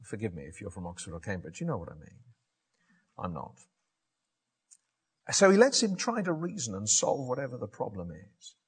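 A man preaching a sermon, telling a Bible story in an animated way with frequent restarts and self-corrections. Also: fairly low pitch, moderate pace, long pauses, slightly rough.

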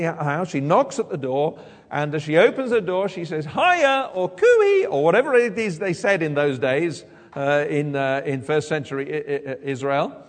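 A male preacher with a fairly high, lively voice that swings widely in pitch. His tone is gravelly and a little husky, and he acts out quoted speech with sudden high leaps. The sound carries a long hall reverb, as from a church. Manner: animated, acts out quoted lines with big pitch jumps. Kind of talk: expository sermon.

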